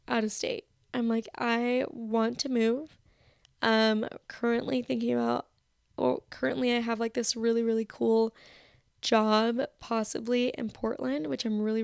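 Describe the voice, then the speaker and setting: A woman's voice: on the high side, gravelly, no echo, clean studio sound. A woman in her twenties hosting a podcast, chatting casually on her own from her bedroom in a rambling, self-critical way. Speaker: podcast host. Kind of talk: casual solo chat. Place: bedroom, sitting on her bed. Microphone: personal mic.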